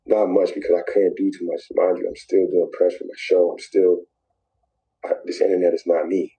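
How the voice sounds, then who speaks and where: A man recounts a personal story in a very deep, dark, gravelly voice with a husky edge. He circles back over the same phrases and sinks to near whispers. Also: flat delivery, low-quality recording. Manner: repetitive, drawn-out, dropping to near whispers. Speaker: guest telling his story in a played clip.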